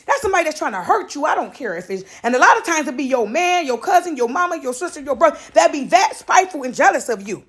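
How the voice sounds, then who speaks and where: High-voiced animated woman storyteller. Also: quick pace, hardly any pauses. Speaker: preacher storyteller. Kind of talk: casual spiritual testimony.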